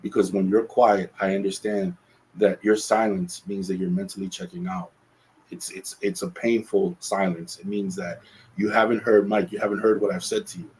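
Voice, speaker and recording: A man's voice: fairly low pitch, normal speed, darkish tone, a little hiss or hum, rough recording. A man hosting a solo podcast, talking earnestly and reflectively, often restarting his phrases. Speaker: podcast host.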